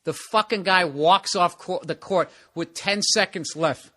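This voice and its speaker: Podcast host, man, higher-pitched voice, sarcastic profane rant. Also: a little slow, hardly any pauses, bright, forceful tone. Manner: profane, sarcastic ranting with mocking put-on quotes. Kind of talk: ranting monologue.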